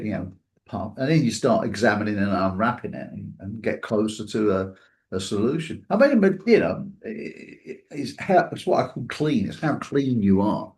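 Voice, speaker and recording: A man's voice: lowish voice, animated, moderate pace, darkish tone. A man hosting a reflective talk show, speaking loosely and conversationally, with frequent fillers and chuckles, acting out the people he quotes. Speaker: podcast host.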